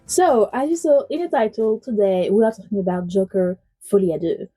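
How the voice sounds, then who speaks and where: Brief: French woman, native French, chatty YouTube film reviewer, warm dark relaxed voice. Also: medium pitch, fairly quick, husky, soft background music, rough recording. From France. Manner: chatty and rambling, many "like" fillers. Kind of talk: casual spoken film review.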